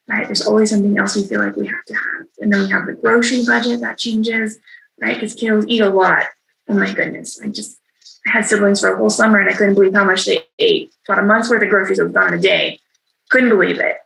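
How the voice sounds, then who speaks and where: Woman trainer on a video call, kinda gravelly, chatty, keeps saying right?. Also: mid-range voice, a bit bright, low-quality recording. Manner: conversational, frequent tag "right?". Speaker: trainer for kin caregivers. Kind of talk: virtual training talk.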